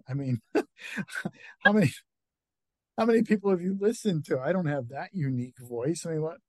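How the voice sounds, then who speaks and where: A chatty middle-aged man with a Northeastern US accent, speaking a bit high for a man. He talks casually as an interview guest, full of fillers and quick laughs, recorded dry and close. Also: lively intonation, darkish tone, dry recording. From Connecticut. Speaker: author and guest.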